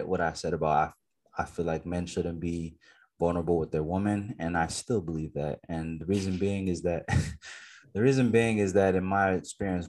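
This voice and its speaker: A man co-hosting a casual podcast, talking emphatically and asking lots of rhetorical questions. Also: low voice. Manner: emphatic, animated storytelling with frequent rhetorical questions. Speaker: podcast co-host.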